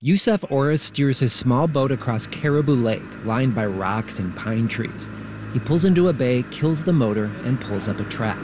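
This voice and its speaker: A man's voice: mid-range voice, animated, normal speed, a little mellow, a little hiss or hum. Man narrating a radio news feature. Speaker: radio reporter.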